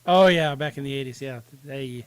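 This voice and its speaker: A man's voice: mid-range voice, brisk, smooth, no echo. A man co-hosting a casual podcast, laid-back and wisecracking. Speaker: podcast co-host.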